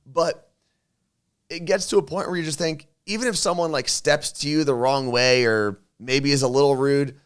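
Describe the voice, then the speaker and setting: A man co-hosting a casual talk show, chatting in relaxed, rambling thoughts. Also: on the high side, moderate pace, clear, resonant tone. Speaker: radio and podcast co-host. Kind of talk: casual chat. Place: studio.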